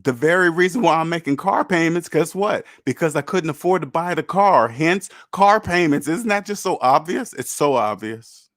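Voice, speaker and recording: A man's voice: a little high, expressive, moderate pace, few pauses, a bit bright, dry recording, clean studio sound. A man hosting a personal finance livestream, lecturing emphatically with rhetorical questions and answering chat. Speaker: personal finance show host.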